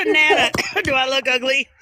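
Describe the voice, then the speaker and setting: Her voice sits high and sounds pushed and bright, with a little hiss or hum in the audio. Streaming casually from beside a creek, she holds her phone and chats in a giggly, childlike, playful way.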